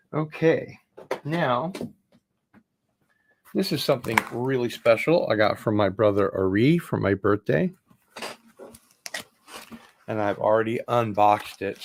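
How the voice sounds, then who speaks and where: Brief: male vlogger, low voice, slow easygoing unboxing chat, rambling asides. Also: slight background noise. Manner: relaxed, rambling, offhand asides.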